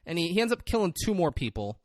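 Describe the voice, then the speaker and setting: A man's voice: fairly high pitch, big pitch swings, fast, no echo, clean studio sound. A man co-hosting a podcast, casually retelling a film scene and acting out the characters' lines. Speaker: podcast co-host. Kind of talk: casual movie recap chat.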